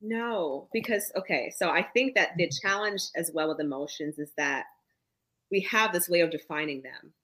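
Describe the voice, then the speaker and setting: A woman therapist who is a guest on a podcast, explaining ideas calmly and checking in with "right?". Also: on the low side, normal speed. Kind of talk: explanatory conversational chat.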